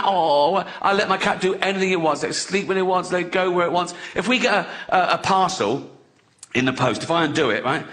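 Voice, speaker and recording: A man in his sixties doing a crude, conversational stand-up routine, often chuckling at his own jokes. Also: on the high side. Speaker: stand-up comedian. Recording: loud audience laughter behind. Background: audience laughter.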